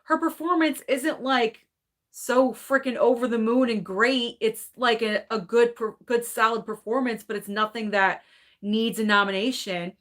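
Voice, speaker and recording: A woman with a voice on the high side hosts a casual movie live stream, reading the live chat and giving her takes in a chatty, hedging style full of "like" and "I don't know." She's opinionated and animated, quick to laugh.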